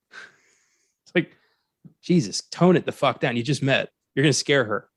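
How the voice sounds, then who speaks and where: A man's voice: mid-range voice, animated, measured pace, long pauses, a bit bright, dry recording. Man, podcast co-host, sarcastic movie roasting, laughs a lot, swears, dry dead sound. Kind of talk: casual movie review chat.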